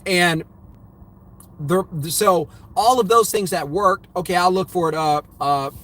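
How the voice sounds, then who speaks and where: A man's voice: high voice, a little slow, fairly bright tone. A middle-aged man giving an emphatic, repetitive motivational talk about money to his viewers. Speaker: host.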